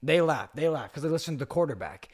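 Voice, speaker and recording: Young male guest, lively storyteller with a slightly high voice, swears freely and acts out every character. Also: fast talker, slightly rough. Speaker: podcast guest. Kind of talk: casual storytelling chat.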